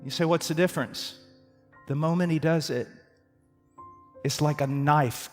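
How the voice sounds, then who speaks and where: A man preaching a sermon with dramatic swings from loud outbursts to hushed tones. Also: fairly high pitch, unhurried, long pauses. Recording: long reverb in a hall, faint music.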